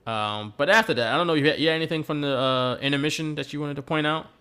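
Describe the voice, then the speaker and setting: A man's voice: on the high side, quick pace, bright, forceful tone, smooth. A man hosting a podcast who tells stories animatedly and laughs often. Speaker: podcast host. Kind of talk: casual chat recapping wrestling.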